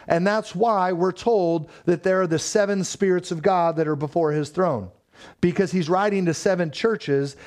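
A male pastor delivering a sermon with a fairly high voice. He preaches emphatically, repeating key phrases for stress. He puts rhetorical questions to the congregation as he goes. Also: darkish tone.

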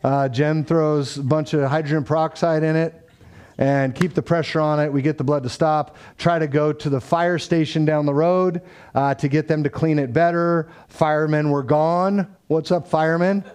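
Man, conversational storyteller, lightly higher pitch, loose and informal. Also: steady tone, moderate pace, darkish tone, smooth. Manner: conversational, acts out quoted dialogue, frequent fillers. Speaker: father telling a family story. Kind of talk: casual faith-tinged storytelling.

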